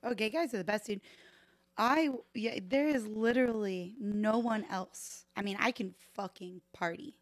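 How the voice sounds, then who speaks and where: Thirties woman, bartender guest, loud and salty storyteller, dry room tone. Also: medium pitch, measured pace, dry recording. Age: 30s. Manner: animated, profane, laughs often, acts out voices in anecdotes. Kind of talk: casual podcast storytelling. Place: podcast live stream room.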